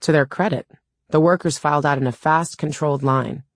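A woman's voice: sits low, steady tone, brisk, no room sound. A woman reading a first-person audiobook in a wry, dry storytelling manner, close to a studio mic. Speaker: audiobook narrator.

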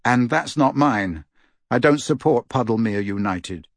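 A man voicing a serious teenage boy who speaks in a flat, quiet and firm way, from a storybook audiobook. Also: mid-range voice, unhurried, dry recording. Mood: stubborn.

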